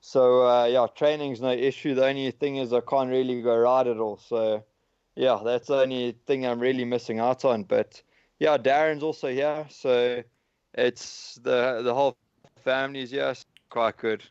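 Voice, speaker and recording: A man's voice: mid-range voice, flat delivery, moderate pace, darkish tone, clean tone. Laid-back South African young man. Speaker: guest. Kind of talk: casual chat. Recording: dull remote call audio.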